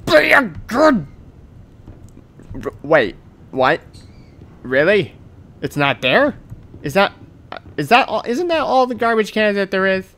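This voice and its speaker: A man's voice: high voice, lively intonation, a little slow, pauses often, a bit bright. A man playing a video game and commenting, rambling and talking to himself playfully. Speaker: gaming video creator. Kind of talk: let's play commentary.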